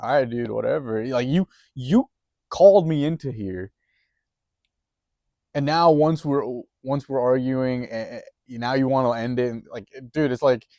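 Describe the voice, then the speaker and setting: Guy telling a story, swears a lot, rambles, middle pitch, dry close sound. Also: unhurried, dark tone, no room sound. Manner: rambling and profane, with restarts and chuckles. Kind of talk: casual storytelling.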